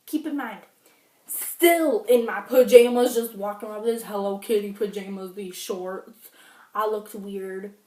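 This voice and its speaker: A woman's voice: medium pitch, steady tone, moderate pace. A woman telling a casual storytime vlog at home, chatty with dramatic asides. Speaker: vlogger. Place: home indoors, furnace running. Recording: roomy, distant from mic, faint noise.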